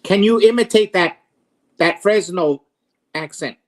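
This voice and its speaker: Teasing man, high voice, casual group chat. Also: unhurried. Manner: teasing, prodding others to do impressions.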